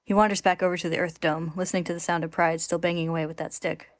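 A woman with a fairly low voice recaps a story chapter for her podcast, delivering the plot with dry sarcasm. The sound is close and dead, with no room echo. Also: flat delivery, fast talker. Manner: wry, sarcastic storytelling with frequent laughs. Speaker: podcast host recapping a manga. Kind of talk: casual recap narration.

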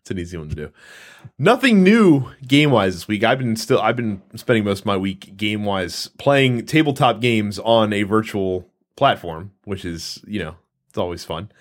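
Lively, chatty male podcast host. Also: fairly low pitch, normal speed. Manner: chatty, lots of fillers and restarts. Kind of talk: casual chat.

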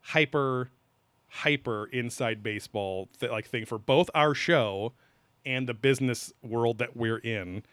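A man's voice: medium pitch, measured pace, fairly bright tone, no room sound. A man co-hosting a podcast in casual chat, rambling with lots of fillers and offhand swearing. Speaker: podcast co-host.

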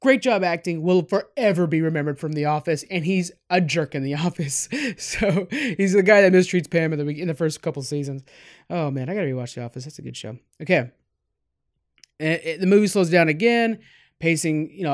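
A man's voice: on the high side, fairly quick. A man giving a casual, candid film review, rambling with asides and self-corrections. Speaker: movie reviewer.

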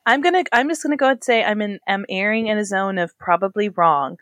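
A young adult woman co-hosting a podcast, talking in an animated, playful way with quick laughs. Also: medium pitch, dry recording, clean studio sound. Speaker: podcast co-host. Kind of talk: casual chat.

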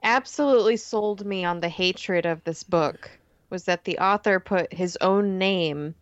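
Woman guest, mid pitch, dry, slightly dull sound, quick to laugh and rant. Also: no room sound. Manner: laughing, ranting, animated storytelling. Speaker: podcast guest. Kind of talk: casual podcast chat.

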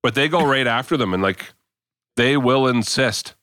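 A man's voice: medium pitch, normal speed, pushed and bright, no echo. An enthusiastic man co-hosting a podcast, chatting about a video in a plain mid-range voice. The recording is dry and close. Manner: enthusiastic, recounts viral videos with laughs. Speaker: podcast co-host. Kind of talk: casual chat.

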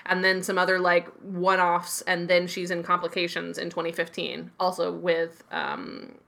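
A woman co-hosting a podcast, chatting casually about a TV show, animated and full of "like" fillers, swearing freely. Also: fairly low pitch, normal speed, vocal fry. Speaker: podcast co-host. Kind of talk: casual TV episode recap chat.

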